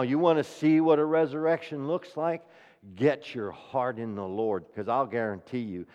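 A man preaching a sermon, asking the congregation rhetorical questions and swinging between hushed, near-whispered passages and loud, ringing declarations. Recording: reverberant hall, dull low-fidelity sound.

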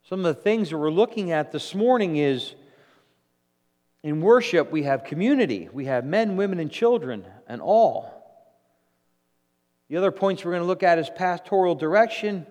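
A pastor delivers his sermon at normal speed, his voice sitting a little high and ranging broadly in pitch. Preaching with animation, he restarts his phrases again and again to build an argument, while the church's long reverb trails each line.

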